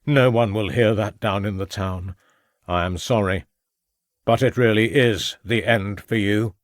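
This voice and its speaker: A man's voice: lowish voice, unhurried, dry recording, studio quality, natural voice. A man playing a sneering, gloating villain. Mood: menacing. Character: scheming, sneering murderous male villain.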